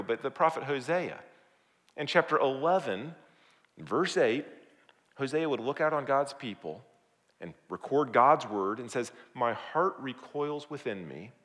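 A man preaching a sermon as pastor, swinging from loud, emphatic appeals to hushed, quiet asides. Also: on the high side. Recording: long hall reverb.

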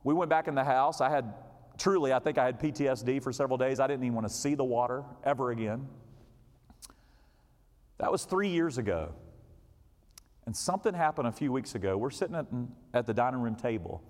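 A middle-aged man preaching a sermon, telling a story dramatically and swinging from loud shouts to quiet low asides. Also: animated, a little fast, pauses often. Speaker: pastor. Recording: long hall reverb.

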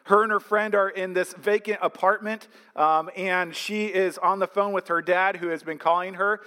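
A man's voice: sits high, steady tone, moderate pace, bright, forceful tone. A man preaching a sermon as a pastor, retelling a film plot as a story before turning to earnest emphasis. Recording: long hall reverb.

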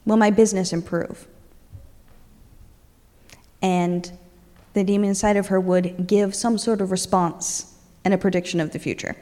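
A woman preacher retelling a story in a lively sermon, voicing its characters along the way. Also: mid-range voice, moderate pace, long reverb tail.

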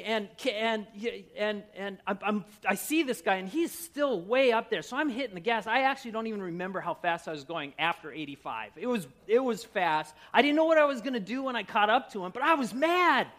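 A middle-aged man from Minnesota, a pastor preaching a sermon with personal stories, animated and laughing at himself. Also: high-pitched. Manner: animated, self-mocking storyteller who laughs at himself.

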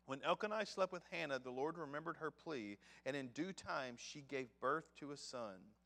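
A man's voice: fairly high pitch, expressive, normal speed, a bit bright. A man preaching a sermon in a conversational, storytelling way, talking straight to the men in the room. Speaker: pastor. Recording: long hall reverb.

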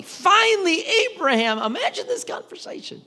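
A man delivers a sermon with a bright, high voice that leaps and falls all the way through. He acts out every side of the dialogue as he tells it. His voice rings through a hall with a long echo. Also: normal speed. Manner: animated storytelling, acting out both sides of the dialogue. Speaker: pastor.

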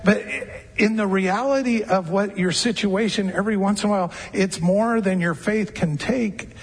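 Man, pastor, husky, high voice, conversational sermon, long hall reverb. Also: fairly even intonation, moderate pace. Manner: conversational preaching, acts out gentle quoted voices.

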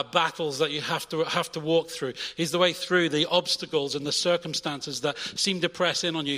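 A young adult man preaching a sermon in a church, energetic, swinging between loud urging and quiet intimate asides. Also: fairly high pitch, in a large hall. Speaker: pastor.

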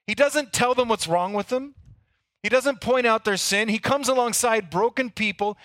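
High, bright-voiced pastor preaching. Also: male voice, normal speed, no room sound, studio quality. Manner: earnest storytelling, stumbles and repeats words. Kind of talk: sermon.

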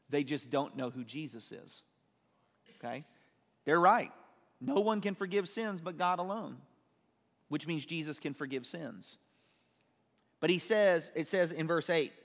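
A man's voice: fairly high pitch, a bit bright, long reverb tail. A man teaching a sermon, reading scripture aloud and explaining it with questions to his listeners. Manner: explains and asks questions, reads verses aloud. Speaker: preacher.

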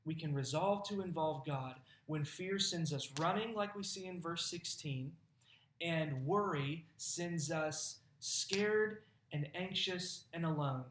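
A man's voice: fairly high pitch, slow pace, a bit bright, roomy sound, slight background noise. A man preaching a sermon as pastor, conversational and folksy, laughing now and then.

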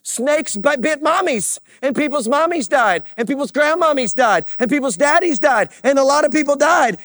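A man's voice: very high-pitched, lively intonation, moderate pace, few pauses, a bit bright, no room sound, studio quality. A man preaching a sermon to a church congregation, with call-and-response and joking asides. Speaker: pastor.

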